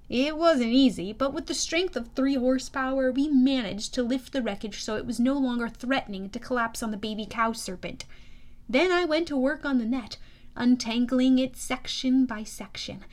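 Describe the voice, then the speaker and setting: A woman with a high voice narrating a first-person audiobook. Her telling is lively and expressive, full of youthful energy.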